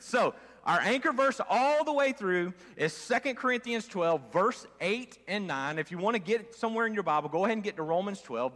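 High, lively male pastor preaching. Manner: conversational, calls for audience response. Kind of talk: sermon. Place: church sanctuary. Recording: long church hall reverb.

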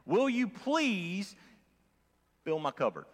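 A man's voice: sits high, big pitch swings, in a large hall, full character voice. A man voicing a poor, devout woman praying fervently for food, drawing out his words. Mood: pleading. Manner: fervent, pleading, drawn-out words.

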